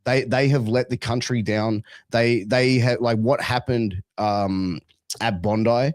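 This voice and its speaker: Man, Australian accent, blunt and animated, mid-pitched, dry close sound. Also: slow, no echo. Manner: blunt, animated, frequent restarts and swearing. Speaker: podcast guest, wrestling manager. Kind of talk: casual chat.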